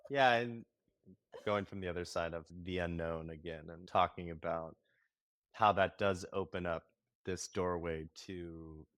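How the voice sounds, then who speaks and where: A man's voice, notably deep, speaks as a podcast guest with a reflective, exploratory delivery. He circles back and rephrases as he thinks aloud. The sound is dry and close, with no room around it. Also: fairly even intonation, measured pace, fairly bright tone, dry recording. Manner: reflective, searching, many "like" restarts. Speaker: guest, marriage and family therapist. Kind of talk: casual podcast conversation.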